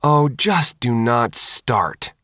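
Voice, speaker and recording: A man's voice: mid-range voice, animated, extremely slow, sharp tone, no room sound, clean studio sound, full character voice. A man voicing a prim, proper young woman in an audiobook.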